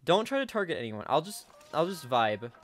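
A man giving casual gameplay commentary, talking to himself and breaking into sudden high-pitched outbursts at a desk microphone. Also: big pitch swings, fairly quick, fairly bright tone. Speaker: gaming channel host.

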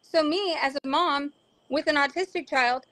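A woman's voice: high-pitched, a bit bright. A woman, a mother, talking earnestly in a casual discussion and acting out quotes now and then. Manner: earnest, quick to act out quotes. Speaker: parent guest.

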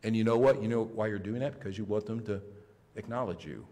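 Male pastor, mid pitch, emphatic sermon delivery with loud surges and hushed drops, long church reverb. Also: moderate pace. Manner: emphatic preaching with sudden loud rises and soft drops. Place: church sanctuary.

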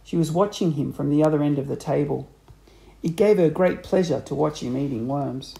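A man reading a children's book aloud, with expressive, animated storybook narration. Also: fairly high pitch, normal speed, gravelly, rough recording. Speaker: audiobook reader.

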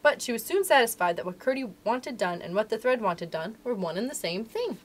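A woman librarian reading a storybook aloud to children. Her voice is a little high and rises and falls in a lively way. She narrates in an expressive, animated manner. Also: a little fast.

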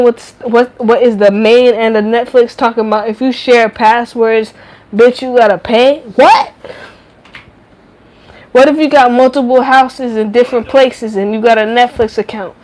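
A woman's voice: a little high, steady tone, normal speed, a little mellow, poor audio. A woman in her late twenties chatting casually on a livestream, profane and rambling, talking back to her chat. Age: late 20s.

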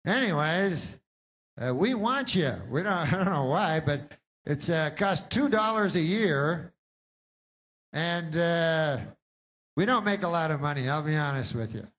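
A man putting on a loud, salesy insurance pitchman, higher and louder than his own voice. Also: animated, unhurried. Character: pushy male insurance pitchman. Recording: bootleg live club recording.

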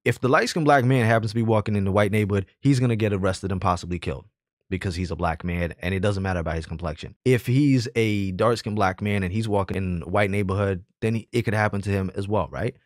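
A man talks straight into a dry, close mic with a low voice. He argues earnestly and builds his case from personal stories, pressing each point with rhetorical questions. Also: quick pace, dry recording. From Jamaican heritage, raised in the hood. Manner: earnest, argumentative, tells personal anecdotes. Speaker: commentator. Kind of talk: opinionated personal commentary.

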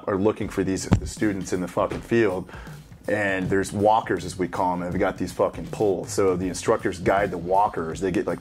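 A man in his thirties, a military veteran, telling loose, profanity-heavy stories in casual reaction chat. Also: on the low side. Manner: profane, swears constantly, loose storytelling. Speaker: special operations veteran reacting to a game.

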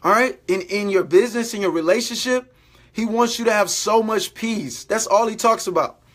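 A man's voice: high-pitched, moderate pace, fairly bright tone. A man giving an informal sermon to online viewers, exhorting them, repeating phrases and calling them "guys". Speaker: preacher.

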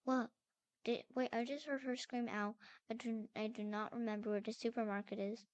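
A woman's voice: a little high, steady tone, normal speed, clean tone, no echo. A young woman narrating her character in a role-play game, anxiously calling out while she searches for her missing sister.

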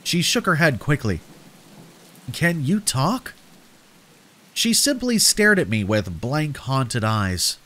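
Male horror narrator, measured pace, expressive lively intonation, rain behind. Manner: slow, deliberate storytelling with lively pitch.

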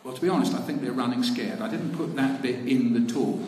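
A man's voice: medium pitch, fairly quick, darkish tone. Chatty man telling stories in a hall. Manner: chatty, laughing asides, acts out quotes. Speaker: speaker at a talk. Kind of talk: anecdotal storytelling to an audience. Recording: echoey hall with background noise.

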